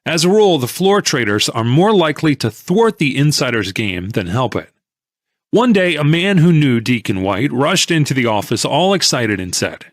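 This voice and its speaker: A male audiobook narrator telling a first-person story in a measured, plain-spoken way. His pitch moves freely around a middle voice. The recording is dry and close. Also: animated, no echo.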